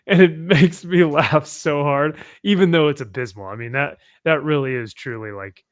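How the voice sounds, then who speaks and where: A man co-hosting a casual podcast chat, easygoing and quick to laugh. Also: on the high side. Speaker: podcast co-host.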